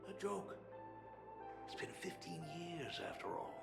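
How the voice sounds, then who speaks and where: A man's voice: fairly high pitch, lively intonation, a little slow, gravelly, full character voice. An actor playing a teasing older male painter who is an estranged father, with a playful, chuckling manner. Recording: echoey game audio with loud music.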